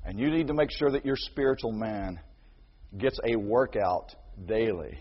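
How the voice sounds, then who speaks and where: A man preaching a sermon as pastor, animated, acting out quoted voices and building to near shouts, with a husky voice. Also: lowish voice, normal speed. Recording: dull sound with long hall reverb.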